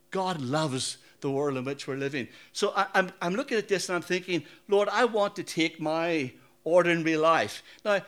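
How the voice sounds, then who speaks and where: A man's voice: on the high side, fairly bright tone. An older man from Northern Ireland with a Northern Irish accent, preaching a sermon in a chatty, storytelling way and often asking the audience questions. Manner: conversational, anecdotal, asks the audience questions. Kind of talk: sermon with personal stories.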